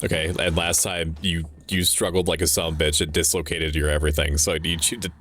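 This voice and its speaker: Deep-voiced man rambling through gameplay. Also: level tone, fast, fairly bright tone, a little hiss or hum. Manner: rambling, joking, self-interrupting, swears casually. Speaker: VTuber streamer. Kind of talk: casual gameplay commentary.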